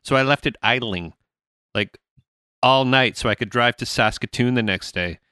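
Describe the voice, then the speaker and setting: A man's voice: mid-range voice, moderate pace, sharp tone, clear, resonant tone, no echo, studio quality. A man hosting a podcast, telling rambling stories in casual chat and laughing often. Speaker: podcast host.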